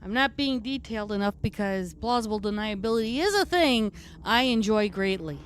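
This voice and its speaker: A woman's voice: mid-range voice, animated, moderate pace, a little hiss or hum, natural voice. A woman playing a brash, foul-mouthed redcap fae, a tough mechanic, who chats in character on a live stream with a New York-ish accent and rambling, streetwise talk. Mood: gruff banter.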